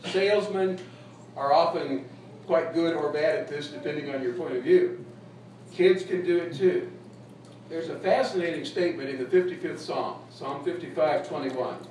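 A man's voice: on the high side, moderate pace, a little mellow. A male pastor preaching a folksy, humorous sermon, heard from a distance in an echoey room with faint noise. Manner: folksy, humorous, laughs at own jokes.

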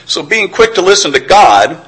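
Husky-voiced man preaching a sermon. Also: high-pitched, big pitch swings, normal speed, fairly bright tone, poor audio. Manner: earnest, reflective, with stammered restarts.

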